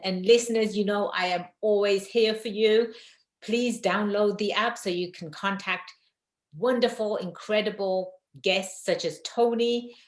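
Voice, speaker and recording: A woman with an English accent hosting a podcast, effusive and quick to laugh. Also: mid-range voice. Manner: warm and effusive, laughs often. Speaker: podcast host. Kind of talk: casual interview chat. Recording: roomy echo.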